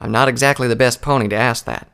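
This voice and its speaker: A man's voice: mid-range voice, fairly even intonation, fast, fairly bright tone, clear, resonant tone, close to an everyday voice. A man doing a blunt, folksy farm mare soldier. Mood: sheepish. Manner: folksy and plain-spoken. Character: female farm pony soldier, blunt and loyal. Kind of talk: audiobook character voice.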